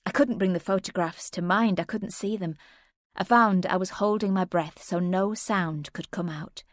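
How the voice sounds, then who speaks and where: Low-voiced woman narrating an audiobook. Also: normal speed, dry recording, clean studio sound. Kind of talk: first-person audiobook narration.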